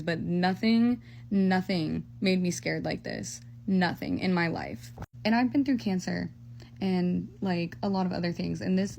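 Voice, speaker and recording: A young woman recounts a spooky experience in a casual storytime. Her voice is low and gravelly with vocal fry, and her words come out breathless and full of fillers. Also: slight background noise.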